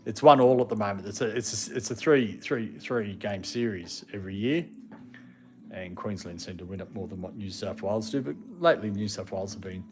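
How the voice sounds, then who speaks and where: A man's voice: on the low side, a little fast. A man live streaming, chatting casually and rambling, breaking off now and then to scold his dogs. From Australia. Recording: music playing in the background.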